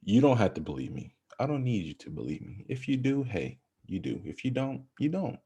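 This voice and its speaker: A young man co-hosting a podcast, chatting about basketball in a casual, animated, rambling way. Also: medium pitch, fairly quick, husky. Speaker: podcast co-host. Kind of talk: casual sports chat.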